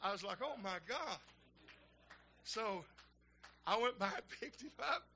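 An older man, a minister telling folksy stories in a sermon that build to shouting fervor. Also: high-pitched, animated, a little slow, husky, highs cut off. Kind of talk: storytelling sermon.

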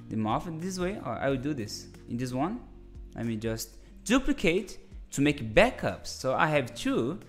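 A man hosts a casual live-stream design lesson from a home desk. He talks in a chatty, friendly way, restarting his sentences and calling viewers "my friend". Soft music plays faintly underneath. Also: mid-range voice.

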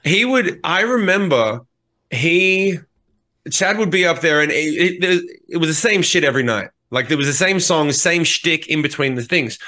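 A man, a podcast co-host and touring musician, telling profane, animated stories in casual chat. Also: on the high side. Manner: animated, profane, quick bursts with impressions.

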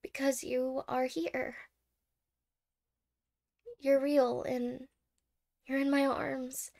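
A woman voicing a clingy, anxious young girlfriend in a whispered role-play, soft-spoken, stammering and apologetic. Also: sits high, little pitch movement, very slow, vocal fry, full character voice. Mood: anxious, teary. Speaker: ASMR role-play creator.

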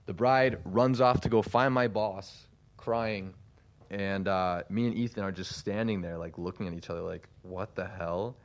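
A man's voice: on the low side, steady tone, normal speed. A young man telling a long story in a voice message, rambling with many fillers and laughing through it. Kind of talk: casual storytelling.

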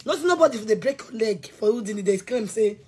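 A woman's voice: on the high side, expressive, fairly quick, darkish tone, breathy edge. A woman with a Nigerian accent delivering a heated, threatening rant, repeating herself often. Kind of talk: angry rant to camera.

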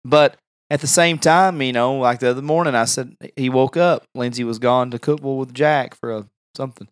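A man's voice: mid-range voice, steady tone, brisk, no echo, studio quality. Rambling man telling stories. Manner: rambling storytelling with many restarts. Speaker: podcast host. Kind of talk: casual chat.

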